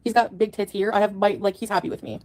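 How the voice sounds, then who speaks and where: A woman's voice: mid-range voice, fairly even intonation, fast talker, darkish tone. A woman in a played clip delivering an angry, profane rant to the camera, scornful and cursing at her critics.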